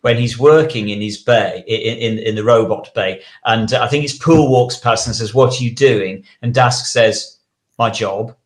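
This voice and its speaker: A man's voice: medium pitch, normal speed, few pauses. A man on a review panel, chatting casually and enthusiastically. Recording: echoey room.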